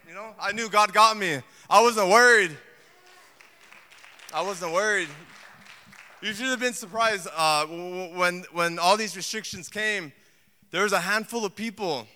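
A man preaching a sermon in a lively, conversational way, full of asides and acted quotes. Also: high-pitched. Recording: long hall reverb.

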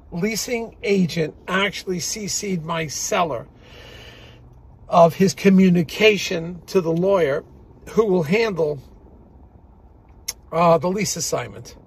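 A man hosting a podcast, talking casually and excitably from a car, rambling and restarting his sentences. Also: high voice, husky, rough recording. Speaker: podcast host, practice broker. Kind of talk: casual monologue. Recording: loud car and wind noise. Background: road and wind noise.

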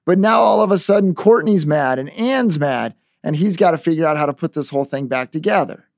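A man coaching on negotiation through an animated story told as a lesson. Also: a little high, a little fast, gravelly, no echo, studio quality.

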